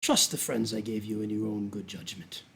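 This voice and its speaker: A man voicing a cruel, sinister old male duke in a tabletop game, speaking in a slow, soft, menacing purr. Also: lowish voice, fairly even intonation, vocal fry, pitched below the performer's own voice. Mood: coolly menacing.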